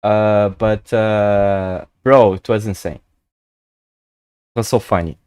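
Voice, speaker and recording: A man chatting casually on a live chess stream, excitable and chatty, swearing and laughing often. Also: lowish voice, slow pace, clear, resonant tone, no room sound, clean studio sound. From Brazil.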